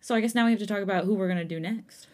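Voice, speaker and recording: A woman co-hosting a podcast in casual chat, who laughs often and reacts with quick remarks. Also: mid-range voice, darkish tone. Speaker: podcast co-host.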